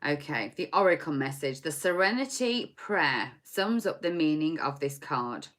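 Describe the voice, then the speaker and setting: A woman's voice: deep voice, animated, a little slow, fairly bright tone. A woman in her forties giving a chatty, scattered tarot reading from her home desk into a laptop mic. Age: 40s. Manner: chatty, scattered, laughing, self-mocking. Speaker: tarot reader. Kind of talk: casual live tarot reading. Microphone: laptop or phone microphone.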